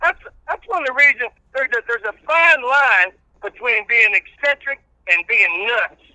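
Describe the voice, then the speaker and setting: A man's voice: very high voice, normal speed, pushed and bright, dry recording, low-quality recording. A male radio personality talking casually as a guest, rambling with many filler sounds. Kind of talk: casual chat.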